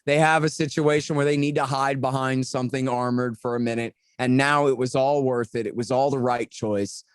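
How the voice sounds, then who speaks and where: A man's voice: mid-range voice, steady tone, a little fast, smooth, dry recording. Sarcastic ranting man. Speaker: podcast guest. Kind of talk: casual podcast chat.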